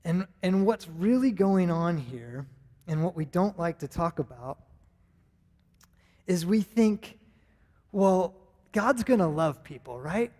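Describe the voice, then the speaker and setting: A man's voice: high-pitched, animated, slow pace, long pauses, darkish tone. A man in his thirties with an American accent, preaching a sermon in an earnest, conversational way, often restarting his sentences. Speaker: pastor. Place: church sanctuary. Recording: long reverb of a church hall.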